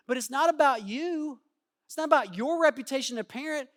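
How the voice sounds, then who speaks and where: Casting note: male pastor, lively sermon delivery, loud-to-soft swings, acts out quotes. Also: extremely high pitch, fast. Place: church.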